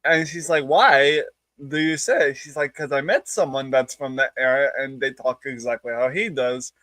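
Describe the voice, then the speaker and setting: A man's voice: medium pitch, normal speed, pushed and bright, no room sound. A man with a New England accent, hosting a casual stream and telling rambling, jokey stories full of restarts. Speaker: streamer host. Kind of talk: casual chat.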